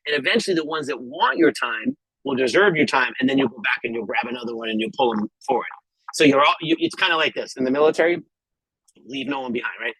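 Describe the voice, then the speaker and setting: A man's voice: medium pitch, animated, fast, gravelly, sharp tone, slightly rough, dry recording, rough recording. A middle-aged man giving an emphatic, motivational talk on a group call about building a sales team, often repeating himself and checking in with "okay?". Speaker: network marketing leader speaking on a group call.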